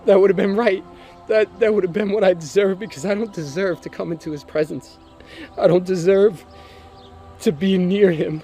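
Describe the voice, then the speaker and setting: Man, personal testimony, earnest, emotional, halting repeats, mellow tone. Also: high-pitched, soft background music. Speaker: testimony speaker.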